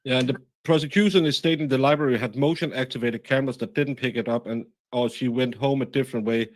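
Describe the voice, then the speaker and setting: Male stream host, mid-pitched, rambling, halting delivery full of fillers. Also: fairly even intonation. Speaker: livestream host. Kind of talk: casual chat.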